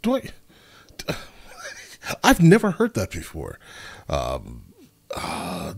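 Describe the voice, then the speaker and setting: A man's voice: low voice, wildly swooping pitch, slow, long pauses, husky. A man hosting a reaction video, chatting casually and animatedly to his viewers.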